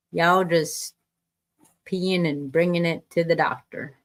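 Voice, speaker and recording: A woman's voice: lowish voice, expressive, a little slow. A woman co-hosting a casual podcast, reading odd news stories aloud and adding wry, teasing asides. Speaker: podcast co-host.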